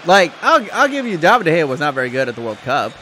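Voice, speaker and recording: A man's voice: a little high, sing-song, quick pace, bright, forceful tone, slight background noise. A man chatting casually on a livestream watchalong, sarcastic and swearing as he reacts. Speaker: streamer.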